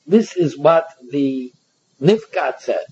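A man with a Yeshivish English accent teaching a Talmud passage aloud, reading lines and then explaining them, often halting and repeating words. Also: fairly high pitch, animated, mellow, breathy edge. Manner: halting, repeats words and restarts, reads Aramaic then translates. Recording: dull lo-fi recording.

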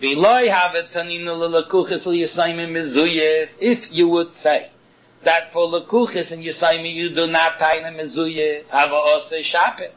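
A man teaching a Talmud lesson in a lively chanting singsong, arguing both sides of a case in the first person. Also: fairly high pitch, a little slow. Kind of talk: Talmud study lecture. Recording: dull lo-fi recording.

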